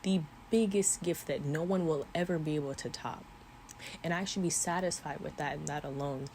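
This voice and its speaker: Her low-pitched voice is a little mellow and moves at a moderate pace, with a little hiss or hum on the camera mic. She's a vlogger in her twenties, earnestly sharing her faith on camera, sometimes teary-eyed and sometimes laughing softly.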